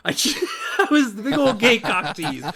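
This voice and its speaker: Lively high-voiced man telling stories. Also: unhurried, creaky, a crowd in the background. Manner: rowdy, acts out dialogue in voices. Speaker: podcast co-host. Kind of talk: casual storytelling chat.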